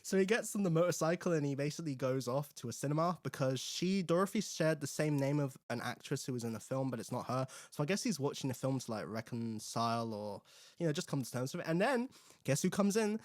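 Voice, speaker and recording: A young man hosting a casual film review, chatty and animated, acting out the characters' lines. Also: a little high, quick pace, dry recording, clean studio sound. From England. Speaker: host.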